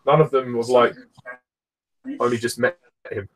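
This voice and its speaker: Male fan commentator, husky, easygoing and hesitant. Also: medium pitch, steady tone, unhurried, poor audio. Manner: easygoing, hesitant, lots of fillers. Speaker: film commentator. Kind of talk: casual film commentary.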